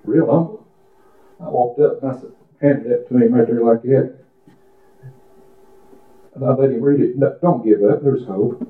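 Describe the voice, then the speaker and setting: A man's voice: moderate pace, pauses often. A man preaching a testimony sermon in church, telling stories and praying aloud with fervor. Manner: fervent, prays aloud with rising pitch, folksy storytelling. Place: church service. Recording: echoey room over a tinny phone-like line.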